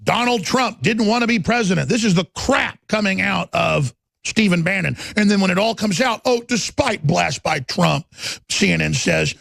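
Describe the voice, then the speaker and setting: A man hosting a political talk show, ranting angrily and swinging into shouts. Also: high voice, moderate pace, gravelly, no room sound. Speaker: host. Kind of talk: heated political commentary.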